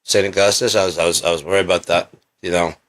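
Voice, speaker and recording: A man's voice: sits low, steady tone, fast talker, fairly bright tone. A man talking in a rambling, swearing monologue, coughing often and acting out quoted voices. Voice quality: frequent coughing. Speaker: video creator.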